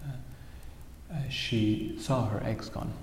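A man's voice: medium pitch, steady tone, very slow, slight background noise. A man giving a spiritual talk, animatedly telling a fable and sprinkling in Sanskrit terms. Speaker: spiritual speaker. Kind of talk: sermon with storytelling. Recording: echoey hall with long reverb.

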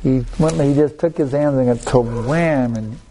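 A man's voice: mid-range voice, moderate pace, dark tone, slight background noise. A male spiritual teacher giving a sermon and telling a story, talking conversationally with frequent restarts and asides to his listeners. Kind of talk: anecdotal sermon.

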